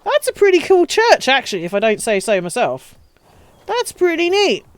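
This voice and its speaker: Lively sweary woman streamer. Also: high-pitched, normal speed, dry recording. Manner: chatty, sweary, ranting, laughs often. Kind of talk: casual live-stream chat while playing.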